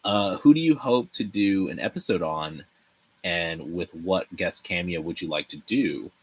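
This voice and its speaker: Speaking in a low, unhurried voice with a breathy edge, this young livestream host rambles to his viewers while building a set. He stays animated throughout, laughing often and swearing freely.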